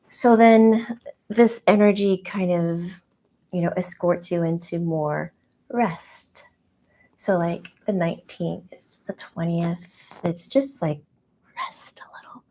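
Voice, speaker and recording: A woman's voice: lowish voice, a little mellow. Woman channeling a giggly childlike spirit guide. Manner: chatty and rambling, giggly, many "like"s.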